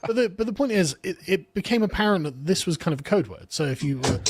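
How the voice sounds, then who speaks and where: A man in casual podcast chat, telling a story in an animated way with restarts. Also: sits high, quick pace, breathy edge, dry recording.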